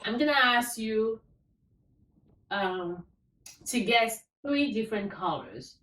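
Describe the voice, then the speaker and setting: A woman's voice: fairly high pitch, animated, takes it slowly, pushed and bright, reverberant, distant mic, low-quality recording. A woman teaching a language lesson, upbeat, spelling out words letter by letter. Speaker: French teacher.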